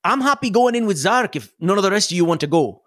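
A man's voice: sits high, lively intonation, quick pace, a bit bright, no room sound, clean studio sound, pitched above the performer's own voice. A man voicing a daring, thrill-seeking young woman in a tabletop role-playing game, in a breezy, casual way. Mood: eager.

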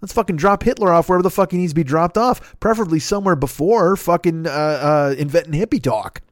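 A man's voice: a little high, quick pace, dry recording, clean studio sound. A man host riffing through a profane, rambling comedic monologue. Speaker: podcast host.

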